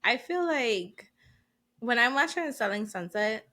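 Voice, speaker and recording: Young woman cohost, kinda high bright voice, blunt and sweary, laughs a lot. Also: animated, unhurried. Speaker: podcast co-host. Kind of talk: casual chat.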